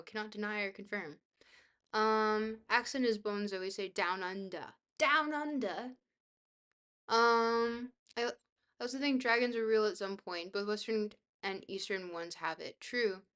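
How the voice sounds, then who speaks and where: A woman's voice: fairly high pitch, fairly bright tone. Bubbly chatty woman streamer. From Scotland. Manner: bubbly, thanks chat often, trailing filler words. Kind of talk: casual live-stream chat reading.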